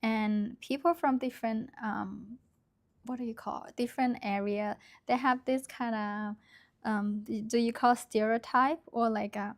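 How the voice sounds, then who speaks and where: A calm, soft-spoken woman chats casually to her viewers at an unhurried pace. Her voice sits a little high, and she talks in a gentle, quiet way. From Thailand. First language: Lisu. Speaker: embroidery vlogger. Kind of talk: casual chat to camera.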